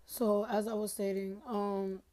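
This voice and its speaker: On her phone, a TikTok storyteller rambles through a casual storytime rant about her own life, full of slang. Her medium-pitched voice is mellow and unhurried, with a flat delivery.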